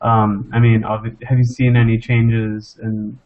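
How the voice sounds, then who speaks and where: Male interviewer, slow and halting, on a muffled low-fi recording. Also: little pitch movement. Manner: hesitant, many ums and restarts. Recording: dull lo-fi recording.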